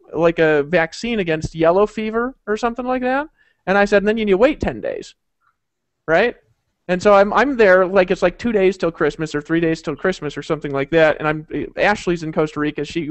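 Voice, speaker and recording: A man tells a long story in an easy, rambling way, filling it with fillers and asides. His voice sits high and he talks quickly. The sound is dry and close. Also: dry recording. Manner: rambling, laughing, full of fillers. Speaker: host of a group call. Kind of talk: casual storytelling.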